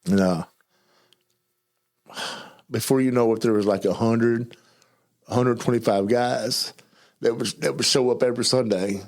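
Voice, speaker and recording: A middle-aged man with a Southern US drawl recounts his story in a loose, conversational way. His words tumble out quickly in places, with stutters, restarts and a mumbling delivery. His voice sits at an ordinary pitch for a man. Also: fairly even intonation, gravelly, darkish tone. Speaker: guest telling his testimony. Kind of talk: casual storytelling interview.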